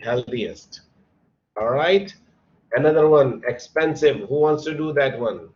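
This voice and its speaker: A man's voice: medium pitch, darkish tone. Patient male teacher on a dull call line. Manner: patient, drawn-out explaining, spells words letter by letter. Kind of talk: online English grammar lesson. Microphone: computer mic on a video call. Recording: dull lo-fi online call audio.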